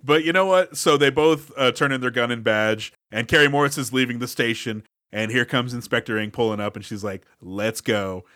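Movie podcast cohost guy, bright punchy voice, wry recaps, dry mic. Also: mid-range voice, a little fast, no echo. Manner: wry, enthusiastic plot recaps. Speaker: podcast co-host. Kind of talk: casual movie podcast chat.

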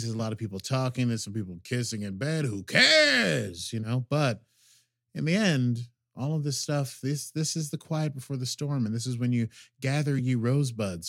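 A man's voice: medium pitch, a little mellow, dry recording, studio quality. A man co-hosting a casual review chat, reading out quotes with over-dramatic flair. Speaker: podcast co-host.

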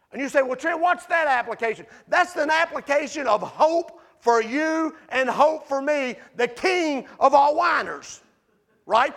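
High-voiced preacher with shouted emphasis. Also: male voice. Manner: conversational asides to the congregation. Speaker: pastor. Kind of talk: sermon. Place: church sanctuary.

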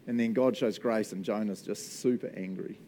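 A man's voice: fairly low pitch, steady tone, normal speed, warm tone, a little hiss or hum. A man with a New Zealand accent preaching a sermon in a jokey manner, laughing often. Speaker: pastor.

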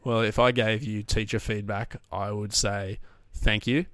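A young man, co-hosting a podcast in a relaxed, joking way and laughing often. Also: fairly low pitch, normal speed, clean tone, no room sound, clean studio sound. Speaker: podcast co-host. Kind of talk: casual chat.

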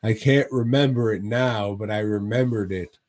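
A man's voice: on the low side, moderate pace, a little mellow. A man co-hosting a casual podcast, rambling with heavy swearing and frequent laughs. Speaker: podcast co-host.

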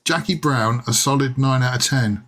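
A man with an English accent hosting a casual podcast chat, chatty, laughing often and filling pauses with many ums. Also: mid-range voice, a bit bright. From England. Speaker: podcast host.

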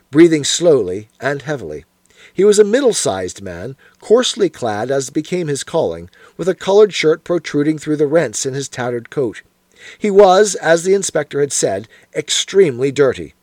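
A man narrating a story in a measured, expressive way. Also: fairly high pitch, no echo. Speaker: audiobook narrator.

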